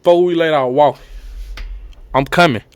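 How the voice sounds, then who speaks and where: A young man telling an emotional personal story to his viewers, acting out the shouts and the voices of coaches along the way. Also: a little high, normal speed, clean tone. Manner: animated, acts out shouts and coaches' lines.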